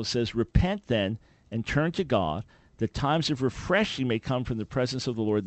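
A man's voice: mid-range voice, no echo. An earnest man hosts a Christian call-in radio show from a studio, teaching as he answers questions about scripture. His voice sits in the middle range, and the microphone sound is close and dry.

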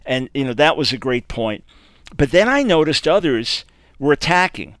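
Hosting talk radio, this man delivers commentary and answers listener email in a preacher-like, emphatic style, repeating key phrases and frequently restarting with stammers. His medium-pitched voice is sing-song and fairly bright, at a moderate pace.

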